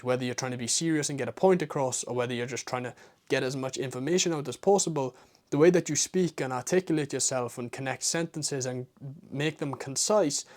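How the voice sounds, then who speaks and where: A man with a strong British accent giving a talking-head advice monologue as a business coach, blunt and casual, with swearing and slang and runs of rhetorical questions. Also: mid-range voice.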